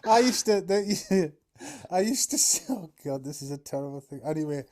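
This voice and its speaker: Rambling Geordie man, halting storyteller. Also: high-pitched, expressive, darkish tone. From North East England. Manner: rambling, halting storyteller full of "you know". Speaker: co-host. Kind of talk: casual chat.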